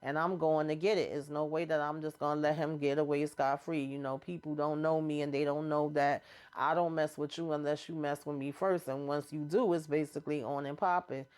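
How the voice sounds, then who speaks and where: A woman's voice: deep voice, level tone, fairly quick, darkish tone, clean tone. A woman hosting her own channel, casually recapping a TV episode and acting out the characters' lines in slangy quoted dialogue. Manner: retells scenes in quoted dialogue, slangy and chatty.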